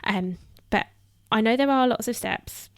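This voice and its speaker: A woman's voice: on the high side, measured pace, dry recording. A woman hosting her own podcast alone, chatting in a loose, filler-heavy way and sounding a little out of breath. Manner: chatty, full of "um" fillers and restarts. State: somewhat out of breath. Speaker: podcast host. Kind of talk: solo podcast talk.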